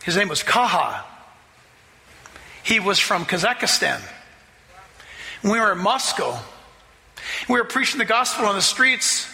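Pastor, male, high-pitched and gravelly, preaching with emphatic storytelling in a reverberant hall. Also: animated, measured pace, long pauses, sharp tone. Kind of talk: sermon.

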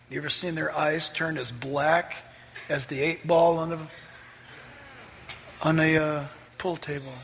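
A man pastor preaching a sermon and telling a story, climbing to loud, excited peaks. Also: fairly high pitch, vocal fry, long reverb tail, a little hiss or hum. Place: church sanctuary.

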